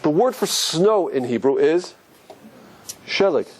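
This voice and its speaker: A man's voice: takes it slowly, rough recording. A man teaching a religious class as a rabbi, asking his listeners questions and swinging his voice up and down as he explains. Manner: animated, asks the audience questions, pitch swings up and down. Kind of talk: lively classroom lecture.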